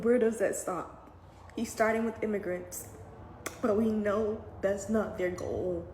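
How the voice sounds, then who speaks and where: A woman speaks as a mother on the verge of tears, earnest and halting as she searches for words. The room has a noticeable echo, and a faint background noise sits under her voice. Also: mid-range voice, warm tone. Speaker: commentator. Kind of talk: emotional video commentary.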